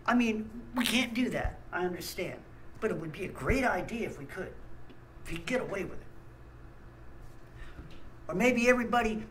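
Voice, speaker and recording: A man's voice: high-pitched, fairly bright tone, a little hiss or hum, poor audio. A man, host of a small ministry channel, ranting angrily with blunt talk and stammered restarts. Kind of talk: angry ranting monologue.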